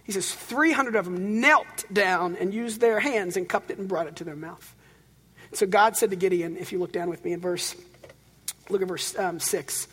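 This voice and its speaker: A man preaching a sermon, telling stories with animated swings between loud, driven passages and hushed, quiet ones. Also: sits high, moderate pace, husky. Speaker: pastor. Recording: long reverb of a large hall.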